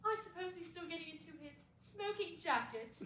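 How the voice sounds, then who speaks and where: A woman's voice: very high voice, lively intonation, a bit bright. A girl playing a gushing theatrical actress. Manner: theatrical, gushing, drawn-out vowels. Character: gushing, flamboyant stage actress wife. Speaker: student actor in a school stage play. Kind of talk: stage play performance. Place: school auditorium stage. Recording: echoey auditorium, faint hiss.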